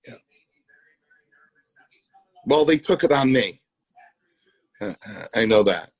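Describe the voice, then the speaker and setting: A man's voice: medium pitch, expressive, takes it slowly, no room sound, rough recording. A man co-hosting a podcast, a former wrestler telling rambling stories with restarts and quoted dialogue. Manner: rambling anecdotes with restarts, quoting others. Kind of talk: casual storytelling.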